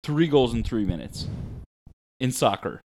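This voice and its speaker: A man's voice: medium pitch, sing-song, measured pace, noisy background. A man co-hosting a podcast, explaining a sports match step by step in laid-back casual chat. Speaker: podcast co-host.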